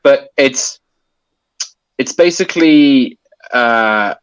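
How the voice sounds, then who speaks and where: A man's voice: medium pitch, animated, extremely slow, clean tone, dry recording, highs cut off. A man explaining a topic in casual conversation, hesitant with many restarts and fillers. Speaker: guest explaining poetry.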